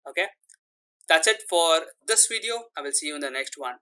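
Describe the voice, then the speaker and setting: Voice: mid-range voice, animated, moderate pace, sharp tone, low-quality recording. A channel host giving casual, emphatic commentary on an interview clip, correcting numbers as they go. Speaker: channel host analyzing clips.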